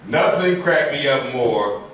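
A man's voice: mid-range voice, animated, takes it slowly, background noise. A man on a convention panel bantering with a co-panelist, with laughing, joking asides. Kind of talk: casual banter. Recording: echoey hall from far off.

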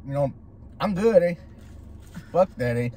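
A man's voice: fairly high pitch, expressive, measured pace, warm tone, a little hiss or hum. A man from Southern California, telling stories in a profane, slangy way with Spanish words mixed in while he eats. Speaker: food vlogger. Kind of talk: casual chat while eating.

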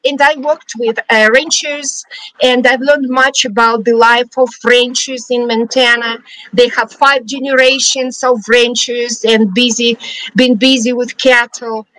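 A woman's voice: on the high side, little pitch movement, a little slow, a bit bright, no echo, poor audio. A middle-aged woman from Siberia with a Russian accent, a guest chatting freely about her life, often restarting sentences and laughing lightly. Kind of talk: casual storytelling interview. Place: studio.

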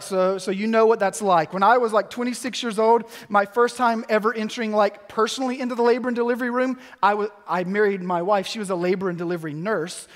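A man in his thirties preaching a sermon in a church, telling a story with quick, lively asides. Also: sits high. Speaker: pastor. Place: church sanctuary. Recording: long church hall reverb.

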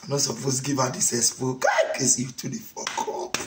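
A man with a Nigerian accent, an online preacher, ranting in a mocking, taunting way and often bursting into shouts. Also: mid-range voice, huge pitch swings, a little fast, noisy background. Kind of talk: mocking rant to camera. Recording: echoey room.

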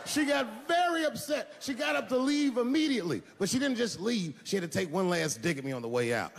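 A man doing a stand-up comedy set on a large theater stage, telling a loose story that swings from low mutters to shouted punchlines. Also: lively intonation, fairly quick, vocal fry, few pauses, slight background noise. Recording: live stage sound in a big reverberant hall.

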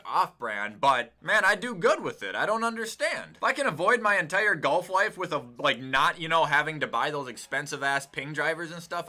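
A young man talks through a football video game in an easy, chatty way. His voice is bright and cutting and sits a little high. It leaps all over the place as he gets excited and curses at the screen. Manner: excitable, swears and yells at the game. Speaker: gaming YouTuber. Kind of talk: casual gameplay commentary.

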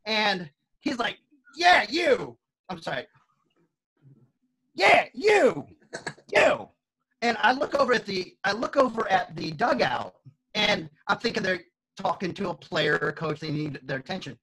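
A man working as an on-field emcee, telling a story with lively energy and acting out the quotes. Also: high voice, normal speed. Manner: lively, acts out quotes in shifting voices. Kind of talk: animated storytelling.

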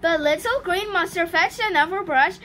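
A woman's voice: very high-pitched, normal speed, sharp tone, a little hiss or hum. A woman reading a children's storybook aloud, with small slips and restarts. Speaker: storybook reader.

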